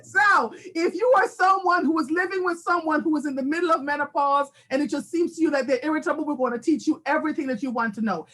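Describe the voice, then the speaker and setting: A woman in her forties hosting a live talk show, telling a candid, animated personal story with frequent laughter. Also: high voice. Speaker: host.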